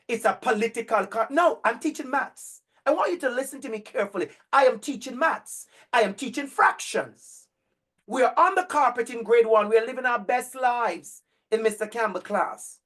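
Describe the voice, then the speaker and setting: A man giving a talk as an educator, telling stories in an animated, emphatic way, repeating words for effect and acting out children's voices. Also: very high voice. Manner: emphatic repetition. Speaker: educator and speaker. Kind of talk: storytelling talk.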